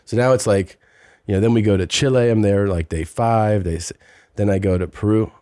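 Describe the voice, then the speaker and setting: A man's voice: lowish voice, brisk, mellow, no echo, studio quality. A man hosting a podcast, telling a long story in casual chat and slipping into mocking voices. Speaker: podcast host.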